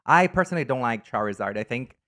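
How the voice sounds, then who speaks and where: A campy, animated man talks casually on a live stream and greets his viewers by name. His voice sits at a middle pitch but swoops up and down with lively intonation. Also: quick pace. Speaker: live streamer reading chat. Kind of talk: casual live-stream chat ranking items.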